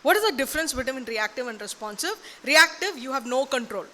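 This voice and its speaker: A woman's voice: high voice, lively intonation, a little fast, sharp tone. A woman preaching a sermon in a conversational way, often checking in with "okay?" and "right?". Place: church. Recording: reverberant church hall.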